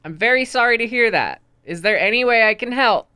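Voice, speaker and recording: Woman player, polite and eager, lively pitch, very dry close sound. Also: brisk, clear, resonant tone, no echo. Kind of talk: tabletop role-play banter.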